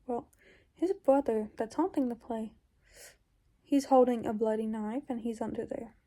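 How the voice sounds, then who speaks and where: At a moderate pace, a YouTuber with a warm, slightly high voice describes a dream she had. It's loose, rambling storytelling packed with fillers, occasionally lowered to whispers.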